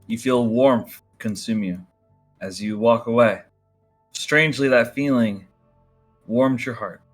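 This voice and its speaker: Slow, husky male game master. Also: medium pitch, faint music behind. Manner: measured, descriptive narration. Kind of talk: narrating a tabletop role-playing game.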